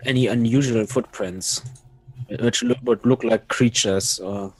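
A man's voice: medium pitch, steady tone, measured pace, a little mellow, no room sound, low-quality recording. A man playing a tabletop game, speaking hesitantly and often restarting his words. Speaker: player.

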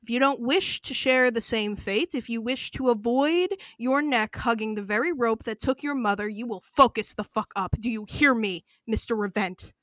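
Lady doing a mean snake-man villain, deep echoey voice, nasty and sneery. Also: moderate pace, hardly any pauses, a bit bright, natural voice. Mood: menacing. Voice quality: deep, echoing voice. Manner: sneering, swearing scolding. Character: menacing male naga changeling, scornful and cruel.

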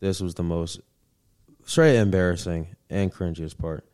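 A man's voice: low voice, measured pace, darkish tone, no room sound, studio quality. A man as a podcast guest, telling dating stories in casual chat, laid-back and slangy, laughing often.

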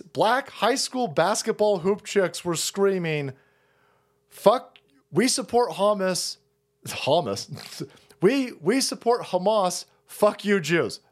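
A man hosts a live stream in a heated, profane rant, mocking as he goes. His voice sits high and swings widely up and down. He rambles with restarts and short chuckles. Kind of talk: ranting live stream commentary.

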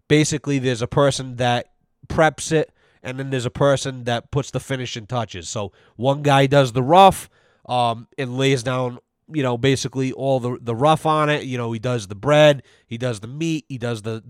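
A man's voice: mid-range voice, normal speed, no room sound, studio quality. A man hosting a podcast, telling a long profane story in a rambling way and acting out the people in it. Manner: profane, rambling, acts out quoted voices. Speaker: podcast host. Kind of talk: casual storytelling rant.

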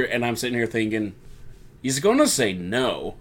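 A man's voice: mid-range voice, sing-song, moderate pace. Casual man recapping wrestling with mock quotes. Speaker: podcast co-host recapping wrestling. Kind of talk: casual chat.

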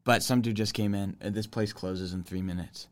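A man's voice: on the low side, fairly even intonation, moderate pace. A young man hosting a podcast, wrapping up a casual chat with enthusiastic, friendly thanks. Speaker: podcast host.

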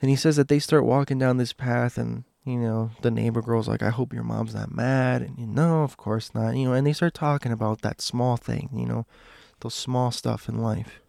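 Gravelly man telling a tale. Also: medium pitch, fairly even intonation, no room sound, clean studio sound. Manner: dramatic pauses, drops to a hush for suspense. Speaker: storyteller. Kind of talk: casual spoken storytelling.

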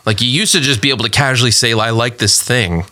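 A man's voice: mid-range voice, fast, pushed and bright, no echo. A man hosting a casual podcast, blunt and sarcastic, prodding his co-host to tell stories. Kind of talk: casual chat.

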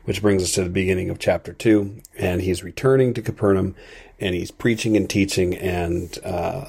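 Mellow, husky man giving a devotion. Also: sits low, fairly even intonation. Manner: earnest, thoughtful, unhurried. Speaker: podcast host giving a daily devotion. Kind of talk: reflective devotional talk.

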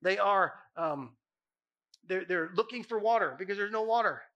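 A man's voice: high-pitched, lively intonation, normal speed, sharp tone. A man preaching as a pastor, impassioned and emphatic, repeating phrases for effect. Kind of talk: sermon.

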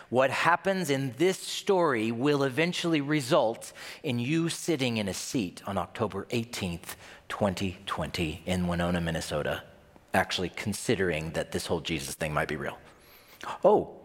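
A pastor delivers his sermon in a chatty, animated style, and his pitch swings widely as he acts out scenes. His voice carries a long reverb from a large church hall.

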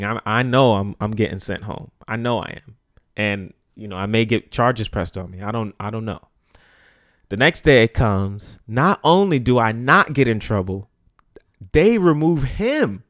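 A man hosting a podcast, telling a personal story in a casual, animated way, acting out what people said and swearing freely. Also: mid-range voice, no echo, studio quality. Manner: animated, profane, acts out quotes. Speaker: podcast host.

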